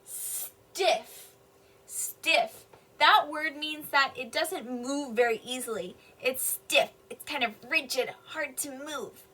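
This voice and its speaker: A woman kindergarten teacher reading a picture book aloud to young children, slowly explaining each sentence in simple words. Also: high voice, sharp tone. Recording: voice a bit distant from the mic.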